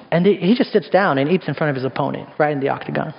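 A man with a slightly high, creaky voice preaches in rapid bursts, keeping his sermon casual and conversational and packing it with rhetorical questions. The pastor was recorded in an echoey hall, and the sound is dull.

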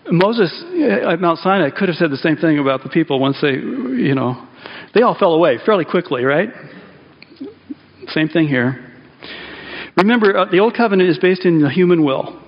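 A man preaching a sermon as pastor in a church, talking in a conversational, animated way with fillers and restarts. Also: a little high. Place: church sanctuary. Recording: dull lo-fi sound in a reverberant hall.

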